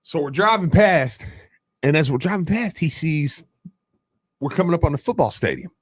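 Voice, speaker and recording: Radio co-host, male, lively storyteller with a dry studio sound. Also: on the high side, normal speed, breathy edge, no echo. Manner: animated storyteller, laughs often. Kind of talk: casual sports radio chat.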